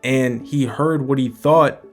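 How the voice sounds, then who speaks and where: Guy doing a laid-back manga chapter breakdown, thinks out loud, middle pitch, soft music behind. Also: takes it slowly. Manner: conversational, musing aloud. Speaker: manga commentator.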